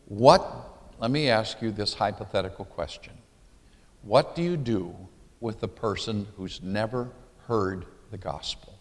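A man's voice: on the low side, a little slow. A man from Michigan, preaching a sermon and putting questions to his congregation. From Michigan, USA. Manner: emphatic, puts questions to the congregation. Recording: long hall reverb.

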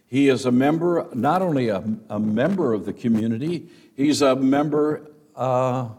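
A male pastor preaching an expository sermon, explaining scripture verse by verse with deliberate emphasis. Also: mid-range voice, a little mellow. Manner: deliberate, emphatic teaching delivery.

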